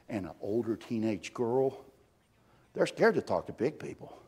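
Male preacher, husky voice, storytelling sermon, big swings between loud and hushed. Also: mid-range voice, normal speed. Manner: animated, swings from loud bursts to hushed tones.

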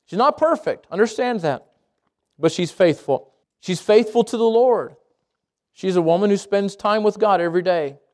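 A man preaching a sermon to a congregation, lively and conversational, with jokes, asides and quick self-corrections. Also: high-pitched. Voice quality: speaks around braces. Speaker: pastor.

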